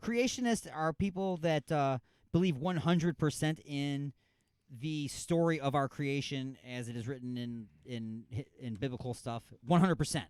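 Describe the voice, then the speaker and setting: A man's voice: medium pitch, a little slow, a little mellow, clean tone, no echo, clean studio sound. A man co-hosting an internet radio show, chatting casually and joking around. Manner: joking, jumps between goofy accents. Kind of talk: casual podcast banter.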